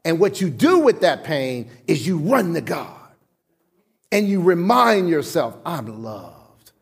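High-voiced man preaching emphatically. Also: very animated, unhurried, vocal fry, breathy edge. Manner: emphatic preaching with repetition and call-and-response. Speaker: pastor. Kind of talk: sermon.

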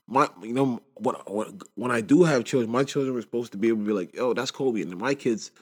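A man's voice: medium pitch, fast talker, a little mellow, breathy edge, big-room sound. A man in his twenties hosting a podcast alone, talking in a loose, rambling monologue full of fillers, shaken and upset. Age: 20s. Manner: rambling, constant "you know what I'm saying" fillers. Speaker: podcast host. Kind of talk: casual solo monologue.

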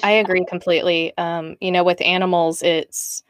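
A woman hosting a casual talk show, relaxed, reading out listener questions. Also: on the low side, moderate pace, smooth, no room sound. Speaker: podcast host. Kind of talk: casual chat.

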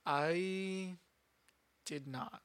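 Man, podcast co-host, casual chat, halting delivery, bright tone. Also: high-pitched, smooth. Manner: halting, hesitant, with restarts.

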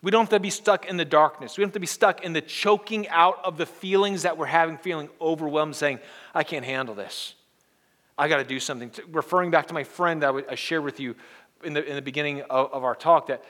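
A male pastor preaching a sermon in an earnest way, moving between hushed and emphatic delivery and leading the congregation in call-and-response. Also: fairly high pitch, fairly even intonation, quick pace.

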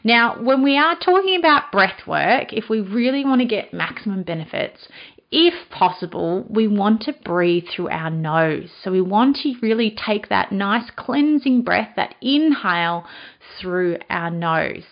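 A woman's voice: medium pitch, lively intonation, measured pace, muffled recording. Chatty woman podcast host. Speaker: podcast host and Pilates instructor. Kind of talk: casual podcast chat.

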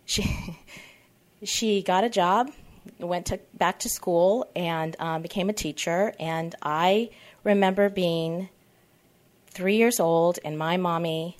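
A woman's voice: on the low side, slow. A woman around fifty speaking at a twelve-step meeting, candid and rambling, often backtracking. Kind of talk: personal share at a support meeting. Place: meeting room.

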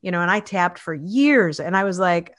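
A woman's voice: fairly low pitch, expressive, moderate pace, fairly bright tone. Chatty woman in her fifties hosting. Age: 50s. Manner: chatty, many restarts and fillers. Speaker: host. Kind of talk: casual interview chat.

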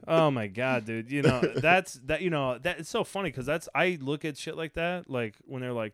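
A man's voice: medium pitch, expressive, brisk, few pauses, fairly bright tone, no room sound, studio quality. A young man co-hosting a podcast, telling long rambling profane stories and mimicking the people he quotes. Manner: rambling, profane storytelling with put-on quoted voices. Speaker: podcast co-host. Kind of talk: casual chat.

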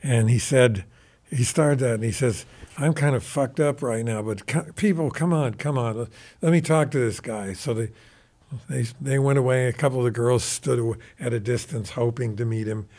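Older male guest, unhurried raconteur. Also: mid-range voice, darkish tone. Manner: rambling anecdotal, mimics quoted voices. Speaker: guest musician. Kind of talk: casual storytelling.

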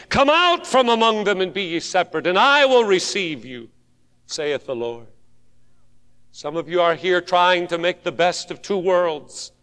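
A man delivers a sermon in a high, smooth, resonant voice, taking his time over each phrase. He swings between ringing calls and quiet pleading. The sound hangs in the long reverb of a large hall. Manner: dramatic swings from shouted calls to hushed pleading. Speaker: preacher.

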